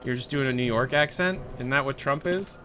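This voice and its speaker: A man streams a game live on a desk mic, chatting casually, rambling, joking and swearing as he plays. His mid-range voice runs a little fast against a noisy background.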